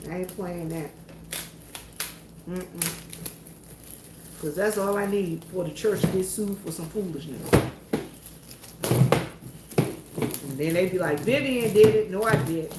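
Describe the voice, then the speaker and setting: Alone in an empty church, a Southern woman who works there and vlogs speaks slowly in a lowish voice, leaving long pauses. It's a casual, folksy, storytelling chat to viewers, with a roomy sound and heavy background noise.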